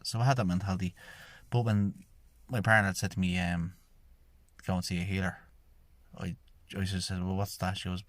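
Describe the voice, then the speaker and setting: Rambling through his personal story, an Irish man keeps saying "I says" as he recounts what was said. He's a shamanic healer from Ireland who hosts a podcast, and his low-pitched voice stays level at a fairly quick clip in a dry recording.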